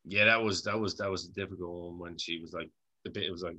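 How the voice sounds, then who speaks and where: Chatty Irish podcast host, bright-toned man. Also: low-pitched, level tone, fast talker. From Ireland. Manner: chatty, laughs often, swears freely. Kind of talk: casual interview chat.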